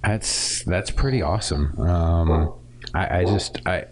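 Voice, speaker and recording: Very low-voiced man, easygoing podcast co-host. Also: slow pace, darkish tone. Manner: thoughtful, hesitant, many fillers. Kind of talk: casual conversation.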